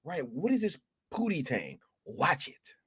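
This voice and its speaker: A high, lively man's voice on a live reaction stream. He speaks slowly and brightly, keeps breaking into big laughs, and talks in loose, profane slang. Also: slightly rough.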